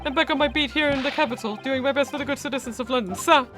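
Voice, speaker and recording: A woman's voice: high-pitched, rapid-fire, over music, voice pushed up, close to an everyday voice. A woman voicing an earnest, lovesick young male police constable who reports for duty in a formal, soldierly way. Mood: eager.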